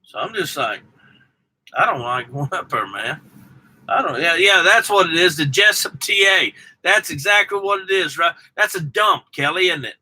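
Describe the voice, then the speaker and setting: A man's voice: a little high, expressive, normal speed, pushed and bright, breathy edge, low-quality recording. A man with a Southern US accent, a truck driver chatting casually and rambling to his viewers by name. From Southern United States. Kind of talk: casual live chat with viewers.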